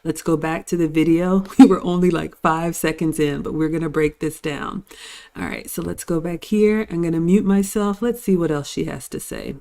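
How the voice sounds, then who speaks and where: A woman's voice: sits low, moderate pace, creaky, dark tone. An older woman hosting a live-stream reaction, commenting and giving advice to viewers in a lecturing tone. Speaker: host.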